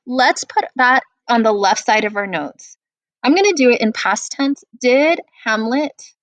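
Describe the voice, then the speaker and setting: A woman teacher walks students through a classic play, explaining it in a relaxed, conversational way. She talks at a middling pitch and often says "um" and "like". The recording is dry and close. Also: no room sound. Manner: casual, explanatory, with fillers. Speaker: English teacher. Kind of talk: guided reading lesson.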